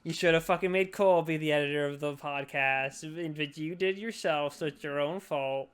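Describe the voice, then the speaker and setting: A man's voice: fairly high pitch, normal speed, fairly bright tone, clean tone. A drunk young man hosting a podcast, rambling and swearing as he chats. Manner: rambling, profane, slurry. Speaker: podcast host. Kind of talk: casual drunk chat.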